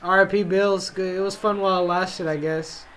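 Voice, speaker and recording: A young man hosting a casual football reaction video, excitable and slangy, calling out bro after nearly every line. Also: high-pitched, moderate pace. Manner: excitable, yelps and drawls "bro" constantly. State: tired, yawning. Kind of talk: casual game reaction commentary.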